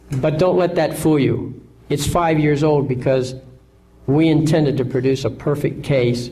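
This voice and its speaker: A male lecturer gives an instructional talk with confidence and assurance, repeatedly asking "okay?" to check in with his listeners. His voice is mellow and medium-pitched, though the audio quality is poor.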